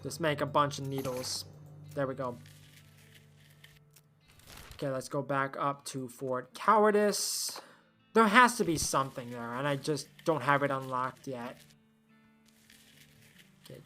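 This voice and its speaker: A streamer playing a game who reads the text aloud, thinks out loud and often trails off with fillers. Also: medium pitch, a little slow, pauses often, soft background music.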